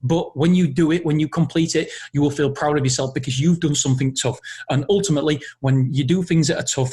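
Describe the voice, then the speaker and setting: A man's voice: medium pitch, darkish tone, husky. A man hosting a podcast, telling a personal story in an earnest, emotional way with frequent restarts. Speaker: podcast host.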